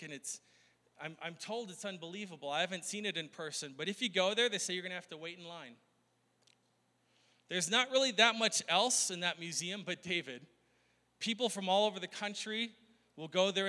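Bright-voiced man preaching a sermon. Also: high-pitched. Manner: conversational, laughs often, asks the crowd questions. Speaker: pastor. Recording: long hall reverb.

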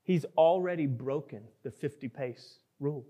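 A man delivers a sermon with earnest, emphatic conviction, his voice sitting a little high for a man. He presses on key words and sometimes slips into a pleading character voice to bring the story alive. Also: normal speed, dark tone. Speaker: pastor.

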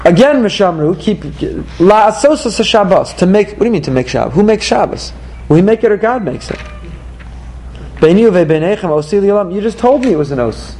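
Questioning male Torah teacher, high voice. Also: expressive, darkish tone, low-quality recording. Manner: probing, rapid-fire rhetorical questions. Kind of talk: text study class with students.

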